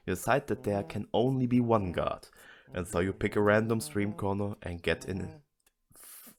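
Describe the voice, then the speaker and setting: Slow deadpan man reading a text adventure. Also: sits low. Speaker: reader of an AI-generated adventure.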